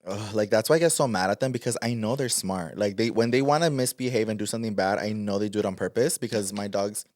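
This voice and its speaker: A man's voice: fairly low pitch, quick pace, darkish tone, no echo, studio quality. A man co-hosting a podcast in casual chat, rambling and searching for his words in a playful way. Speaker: podcast co-host.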